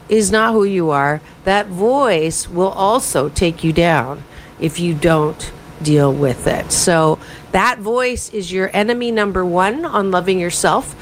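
A woman hosting a morning talk radio show as a happiness coach, talking in an animated, self-promoting, conversational way with frequent fillers. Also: on the low side, slight background noise, low-quality recording. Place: radio studio.

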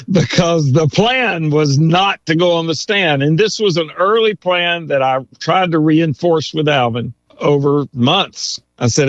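A man, a lawyer and author, telling animated anecdotes in an interview and chuckling as he goes. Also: on the high side, no echo. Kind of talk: storytelling interview. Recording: dull, dry sound.

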